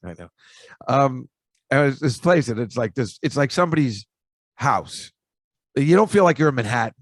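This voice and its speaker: A man hosting a podcast, rambling through stories with jokey asides and a chatty, offhand delivery. His voice sits at an ordinary middle pitch. It is recorded close and dry, with no room sound. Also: animated, moderate pace, no echo. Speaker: podcast host. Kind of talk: casual storytelling monologue.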